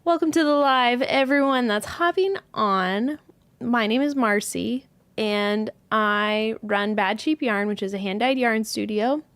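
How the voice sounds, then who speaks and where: A woman's voice: medium pitch, slow pace, fairly bright tone, no echo. A woman hosting a casual livestream, chatting and greeting viewers one by one by name, a little scattered as she reads comments. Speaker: host, yarn studio owner.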